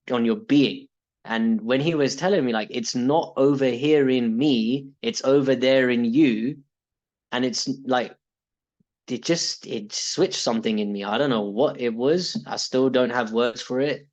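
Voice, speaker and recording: A man's voice: medium pitch, dull audio. A British man talking casually and reflectively about his coaching, rambling with restarts and laughs. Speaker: coaching client.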